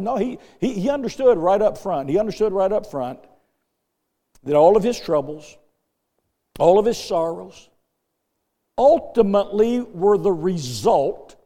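An older male pastor delivers a sermon in a fairly high, mellow voice. He repeats words and phrases, his volume swelling and sinking. The sound carries the long reverb of a church hall. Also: lively intonation, unhurried, pauses often.

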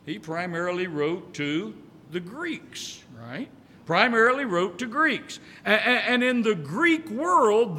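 A man's voice: high voice, bright, forceful tone, in a large hall. A male pastor preaching a sermon in a church, folksy and repetitive, drawing out key words. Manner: folksy, repeats phrases, stretches key words.

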